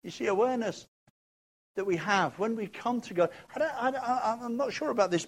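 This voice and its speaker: A man preaching a sermon with expressive, emphatic delivery and repeated rhetorical questions. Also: high-pitched.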